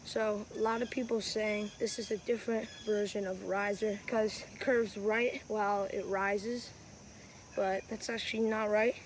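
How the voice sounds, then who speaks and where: Outdoors on a windy day, a woman hosts a casual how-to vlog about wiffleball, her channel's focus as a player, recorded on a phone camera. Her medium-pitched voice has little pitch movement and a measured pace; she rambles, chats, and corrects herself. The audio quality is low.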